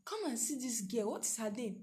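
A young woman with a Nigerian accent chats as a co-host, her voice set slightly higher than most. She talks in a lively, theatrical way, full of exclamations and laughter. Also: a little fast. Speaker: podcast co-host. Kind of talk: casual chat.

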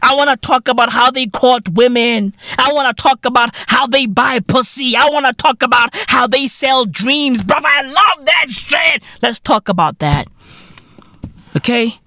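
A South African man hosting a podcast, ranting comically with profanity, repeating himself in loud disbelief. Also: very high-pitched, no echo, clean studio sound. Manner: loud, incredulous, repeats himself, swears constantly. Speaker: podcast host. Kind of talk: profane comedic rant.

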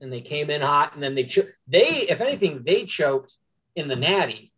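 A man's voice: fairly high pitch, big pitch swings, moderate pace, fairly bright tone, breathy edge. A young man co-hosting a casual sports podcast, rambling and breaking in with apologetic asides. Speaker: podcast co-host.

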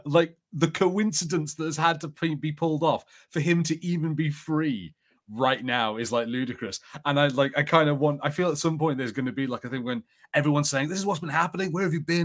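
A man's voice: a little high, brisk. Easygoing male podcast co-host. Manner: easygoing, laughs often, storytelling. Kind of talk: casual chat reviewing a TV episode.

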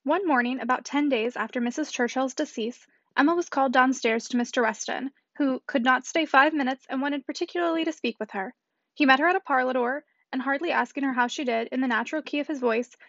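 A woman reading a classic novel aloud as an audiobook, fluent and brisk. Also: high-pitched, creaky, a bit bright, dry recording, lo-fi sound. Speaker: audiobook reader.

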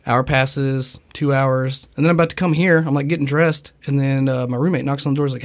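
A man's voice: mid-range voice, steady tone, a little fast, hardly any pauses. A young man in casual podcast chat, telling a long, profane, rambling story and acting out other people's lines. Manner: acts out other people's voices in quotes.

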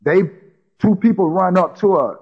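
On dull audio, a high-pitched man with a slightly rough voice recounts a personal story at a moderate pace in casual talk. He goes over the same points repeatedly and plays out other people's lines.

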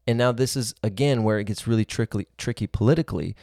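Earnest low-voiced man preaching. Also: quick pace, gravelly, warm tone, no echo, clean studio sound. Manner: earnest, reasoning aloud, builds points in long spoken lists. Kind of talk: sermon-style teaching.

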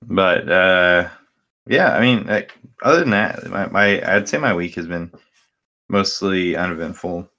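A man's voice: deep voice, unhurried, bright, forceful tone. A young man co-hosting a podcast, chatting casually with lots of fillers and restarts. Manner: rambling with many fillers and restarts. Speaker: podcast co-host. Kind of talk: casual chat.

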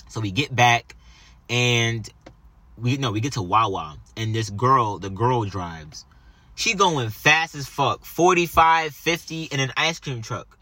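Bright, husky young man telling a story. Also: medium pitch, moderate pace. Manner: animated, profane anecdote telling with quoted dialogue. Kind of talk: casual chat.

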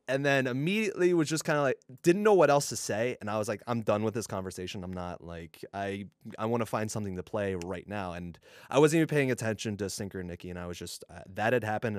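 A man co-hosting a casual podcast, telling animated stories and acting out what people said. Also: on the low side, fast talker, no echo. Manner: storytelling, animated, swearing, acting out quotes. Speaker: podcast co-host.

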